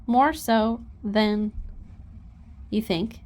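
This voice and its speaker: A woman's voice: medium pitch, drawn-out words, a little mellow. A woman horse trainer giving casual instruction, chatty and coaxing as she talks to her horse.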